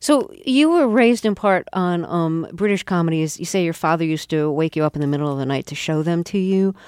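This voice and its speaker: A woman hosting an interview, asking measured questions. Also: fairly low pitch, a little mellow, clear, resonant tone, dry recording, clean studio sound. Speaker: interview host.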